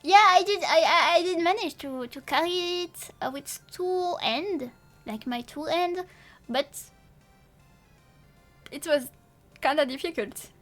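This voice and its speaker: Young lady streaming, high voice, keeps restarting her sentences, swears for fun, soft music behind. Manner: rambling and halting, with many restarts, playful swearing. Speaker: VTuber streamer. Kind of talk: casual live-stream chat.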